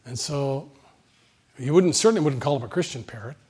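A man delivers a sermon, building points through emphatic repetition. His voice is husky and sits at a middle pitch. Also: expressive, a little fast, a little mellow. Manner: emphatic, repetitive preaching cadence. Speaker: pastor.

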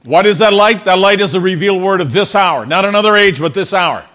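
High-voiced man preaching a sermon. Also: brisk, fairly bright tone. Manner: earnest, repeats words, calls for congregation response. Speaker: pastor. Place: church before a congregation.

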